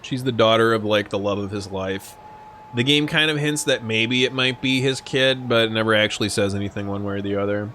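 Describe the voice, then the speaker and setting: A man's voice: fairly low pitch, steady tone, fairly quick, fairly bright tone, a little hiss or hum. A young man live-streaming a game, chatting casually with lots of swearing and jokes. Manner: casual, profane, joking. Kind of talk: live-streamed gameplay commentary.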